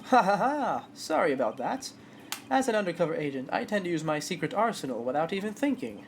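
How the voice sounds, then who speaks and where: A woman voicing a loud, over-the-top male detective with an exaggerated, jovial manner. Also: fairly low pitch, big pitch swings, a little fast, slight background noise. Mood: boisterous. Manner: boisterous, exaggerated.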